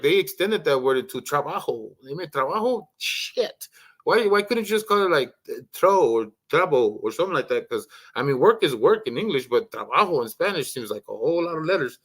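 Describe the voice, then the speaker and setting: A man hosting a casual voice chat stream who rambles, swears heavily and breaks into loud rants. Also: on the high side, sing-song, brisk, husky. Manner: profane, rambling, rants loudly. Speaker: livestream host.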